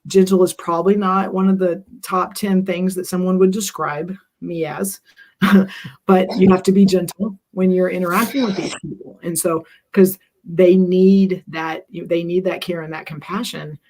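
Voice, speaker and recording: A middle-aged speaker with a mid-range pitch talks earnestly in a live stream conversation. They ramble a little and lean on fillers. They poke fun at themselves along the way. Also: little pitch movement, moderate pace, darkish tone. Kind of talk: reflective conversational talk.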